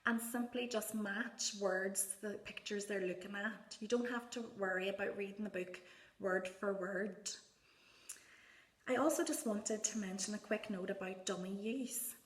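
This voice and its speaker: A woman speech therapist gives parents gentle, encouraging advice and models words in a soft sing-song voice. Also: medium pitch, a little slow. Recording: echoey room.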